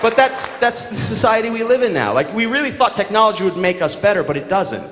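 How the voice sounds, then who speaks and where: Sardonic New stand-up, echoey hall. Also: male voice, high-pitched, fast, a faint crowd, slight background noise. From New York. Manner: sardonic, deadpan storytelling. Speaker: stand-up comedian. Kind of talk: stand-up comedy set. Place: large theater stage. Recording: echoey theater hall, dull lo-fi.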